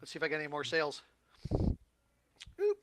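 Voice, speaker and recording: A man's voice: fairly high pitch, level tone, racing, background noise. A man joining a podcast as a guest, talking about his event in a brash, crude, joking way. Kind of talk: casual chat.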